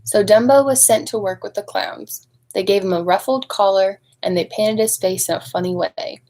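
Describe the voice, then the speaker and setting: Gravelly-voiced woman reading a storybook aloud. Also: medium pitch, moderate pace, rough recording. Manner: expressive, adds chatty asides to young listeners. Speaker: storybook reader at a speech clinic. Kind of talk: reading a picture book aloud to children.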